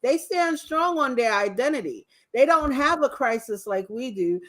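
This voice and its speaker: A woman's voice: sits high, animated, normal speed, a bit bright. A woman talking on a political talk show in a passionate, preachy way. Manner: passionate, preachy, mimics people she quotes.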